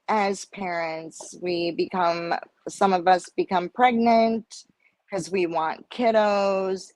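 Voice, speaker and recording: Slow-spoken woman telling her story. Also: fairly low pitch, no echo. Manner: animated storyteller acting out dialogue. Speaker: guest. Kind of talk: telling a personal story in a panel chat.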